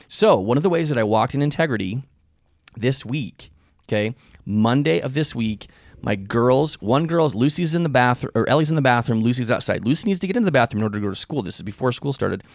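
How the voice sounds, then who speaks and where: Gravelly-voiced man telling candid stories. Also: medium pitch, lively intonation, a little fast, no room sound, studio quality. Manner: candid, storytelling, laughs often. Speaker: podcast co-host, husband. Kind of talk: casual confessional chat.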